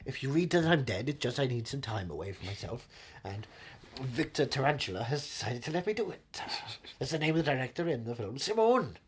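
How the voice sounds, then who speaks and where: A man's voice: mid-range voice, very animated, a little fast, breathy edge. A man doing a comic impression of a pompous aging movie star who rambles and keeps saying "wonderful". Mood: rambling. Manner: rambling, repeats "wonderful" constantly.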